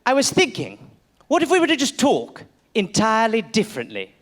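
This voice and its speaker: A man's voice: high voice, wildly swooping pitch, a little fast, fairly bright tone, heavily acted. A man doing a pompous old colonial Englishman. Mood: scheming. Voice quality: stiff formal diction.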